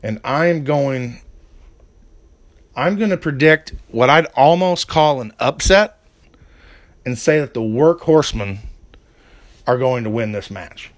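A man's voice: mid-range voice, animated, takes it slowly, pauses often. A man hosting a casual wrestling preview podcast, rambling with fillers and turning to a heated rant. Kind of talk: casual chat.

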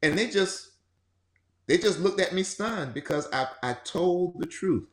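A man's voice: high-pitched, a little slow, echoey room. A man speaking as a guest in a casual conversation about grief, telling stories and acting out what people say. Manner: animated storytelling, acting out quotes.

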